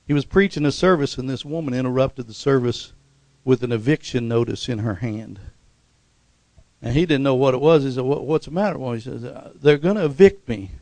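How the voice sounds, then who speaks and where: A man preaching a sermon full of stories, climbing to loud excited peaks, acting out the voices in his tales and calling out for amens and hallelujahs. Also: mid-range voice, a little fast, no room sound. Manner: calls for "amen" and "hallelujah" response. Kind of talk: sermon with storytelling.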